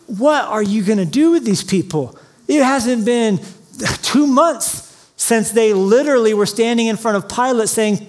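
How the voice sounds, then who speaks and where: A man preaching a sermon as pastor, mixing Bible reading with quick jokes and acted-out quotes. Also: high voice, lively intonation. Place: large church auditorium.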